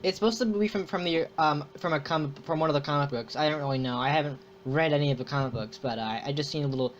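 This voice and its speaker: A man's voice: a little high, fast talker. A man hosting a casual podcast chat, rambling with many restarts. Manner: rambling, restarts often, mock-impressions of a cocky hero. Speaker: podcast host. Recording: muffled lo-fi recording.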